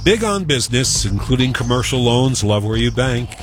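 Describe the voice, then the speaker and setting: A man's voice: mid-range voice, very animated, moderate pace, soft background music. A man delivering a wry, conversational radio commentary segment.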